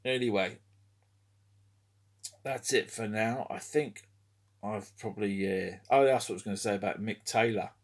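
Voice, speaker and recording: A man's voice: on the low side, normal speed, pauses often. A middle-aged man chatting casually to camera as a collectibles vlogger, rambling, swearing a lot, chuckling and trailing off mid-thought.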